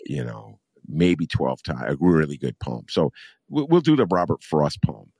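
Man, podcast host, rambling, gravelly, dry close mic. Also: sits low, unhurried, dry recording. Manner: rambling, many uh fillers, animated. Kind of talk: podcast conversation.

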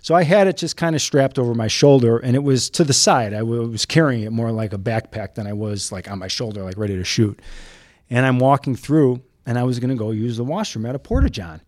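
Speaking a little quickly in a mid-range voice, a Chicago news photojournalist spins stories as a guest in a relaxed conversation. He's a lively, animated storyteller, and the recording is dry and studio-clean.

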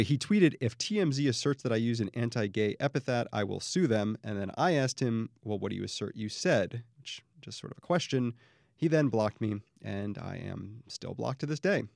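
A man hosting a podcast interview, chatting quickly and often restarting his sentences. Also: fairly low pitch, vocal fry, a little mellow, no echo, studio quality. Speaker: podcast host. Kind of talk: casual interview chat.

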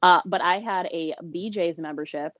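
A woman co-hosting a podcast, chatting in a relaxed, rambling way and giggling often. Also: lowish voice, normal speed, no echo, muffled recording. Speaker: podcast co-host. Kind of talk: casual chat.

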